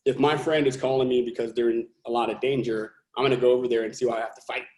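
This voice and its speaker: This guest, a California-born company founder and CEO, speaks quickly on a podcast interview with a mid-range, slightly mellow voice and fairly even intonation. He's earnest and emphatic, reasoning out loud and backing up to restart. There's a roomy echo to the sound.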